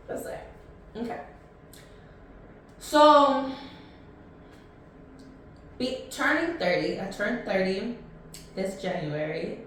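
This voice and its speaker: A woman's voice: mid-range voice, sing-song, slow pace, long pauses, a bit bright, a little hiss or hum. A woman of thirty hosting a casual solo podcast, chatty and blunt, rambling with many ums and restarts. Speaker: podcast host. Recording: echoey room, mic at a distance.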